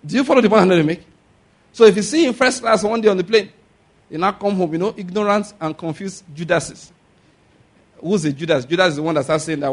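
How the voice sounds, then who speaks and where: A man's voice: sits high, quick pace. A man preaching a sermon, asking the congregation for amens and whether they follow. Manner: animated preaching with call-and-response questions. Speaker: pastor.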